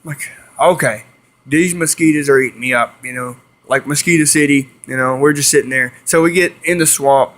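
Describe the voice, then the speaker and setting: The voice is medium-pitched and fairly bright, at a moderate pace. A young man vlogging to camera rambles through a casual story for viewers, repeating himself and making hissing animal sounds.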